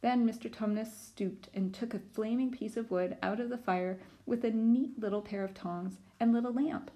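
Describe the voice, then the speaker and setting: A woman's voice: a little high, moderate pace, dark tone. A woman teacher reading a storybook aloud to children, with chatty asides to her listeners.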